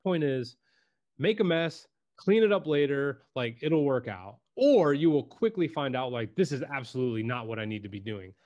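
A man's voice: medium pitch, normal speed, muffled recording. Laid-back man telling a story, swearing. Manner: laid-back, swears freely, says "dude" often; acts out quotes in lively voices. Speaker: podcast guest, personal branding videographer. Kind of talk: casual interview storytelling.

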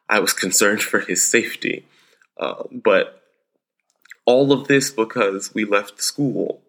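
A man's voice: sits low, gravelly, fairly bright tone. A man, a father in his thirties, telling a family anecdote casually with a wry, easygoing manner. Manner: wry, easygoing storytelling with frequent restarts.

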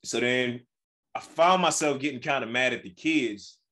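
A man's voice: medium pitch, normal speed. Man telling a story, acting out voices. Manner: animated storytelling, acts out dialogue. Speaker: podcast co-host. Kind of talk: casual chat.

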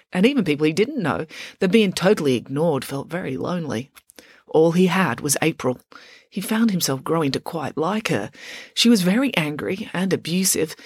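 A woman narrating a children's story in an expressive, wry way. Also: fairly low pitch, breathy edge, dry recording, clean studio sound. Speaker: audiobook reader.

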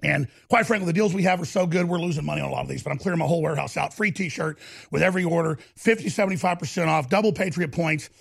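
Gravelly, husky ranting male host. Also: fairly high pitch, rapid-fire. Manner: erupts into shouting and growling. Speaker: talk show host. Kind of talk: heated talk show rant.

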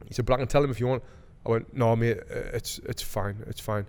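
A man's voice: mid-range voice, fast talker. Man telling a story in a roomy echo. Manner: animated, swearing, acts out quoted voices. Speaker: podcast co-host. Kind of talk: casual storytelling chat.

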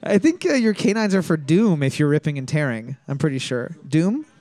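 A man's voice: fairly high pitch, lively intonation, brisk, warm tone, no echo. A man hosting a trivia podcast, reading questions twice and joking and laughing with his co-host. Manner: repeats each question twice, laughs easily.

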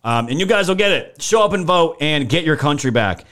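A man's voice: on the high side, lively intonation, a little fast, a bit bright. A young man hosting a political livestream, talking indignantly and emphatically, swearing and thanking viewers by name from the chat. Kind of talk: livestream commentary reading chat.

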